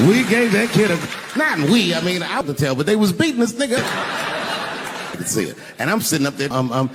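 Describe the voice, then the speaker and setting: Male stand-up comic, lively swooping delivery, profane, in a noisy live recording. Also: a little high. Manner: animated, profane, acts out scenes. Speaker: stand-up comedian. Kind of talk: stand-up storytelling.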